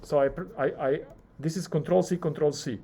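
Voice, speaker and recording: Guy lecturing while he codes, fairly high voice, reads out keys and plays the program answering back. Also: fairly quick. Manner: talks through keystrokes, acts out the software's replies. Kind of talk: live coding lecture.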